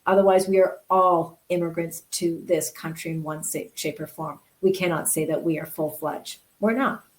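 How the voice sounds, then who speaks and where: A woman's voice: low voice, steady tone, moderate pace, poor audio. A middle-aged woman, a guest in an interview, telling personal stories earnestly and often restarting her words. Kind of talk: candid personal storytelling.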